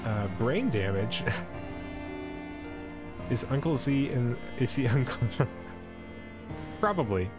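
With a sing-song, mid-range voice, a man reads a storybook aloud on a live stream, speaking slowly and leaving long pauses. Faint music plays underneath as he laughs and adds casual, jokey asides.

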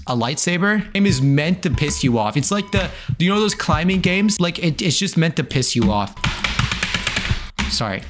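A young man giving frantic, self-mocking commentary while playing a video game, swearing now and then. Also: on the high side. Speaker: gaming streamer. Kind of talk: gameplay commentary. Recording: music playing behind the voice. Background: background music.

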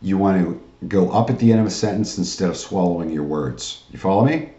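Low dark-voiced man giving a sales training. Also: fairly quick, echoey room, muffled recording. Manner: pushy salesman pep talk, frequent "guys" and "right?". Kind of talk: online training lecture.

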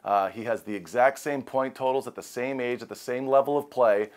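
A man talking eagerly as a hockey analyst, a little out of breath, in excited direct-to-camera commentary. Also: mid-range voice, brisk. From Canada. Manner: eager, emphatic.

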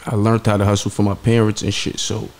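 Chill new dude on a podcast, deep-ish gravelly voice, slangy. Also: male voice, completely flat delivery, fast, darkish tone, a little hiss or hum. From New York. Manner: laid-back street slang. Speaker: podcast guest. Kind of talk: casual interview talk.

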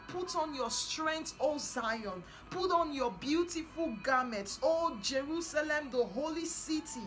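A woman preaching a sermon, fervent and emphatic, repeating lines for stress and building to loud declarations. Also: high-pitched, lively intonation, a little slow, hardly any pauses, soft background music, poor audio.

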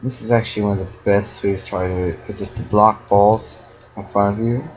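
A young man giving casual, excitable commentary while playing a game and talking to his viewers. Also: fairly low pitch, a little fast, a little hiss or hum. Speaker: gamer. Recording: dull lo-fi home recording.

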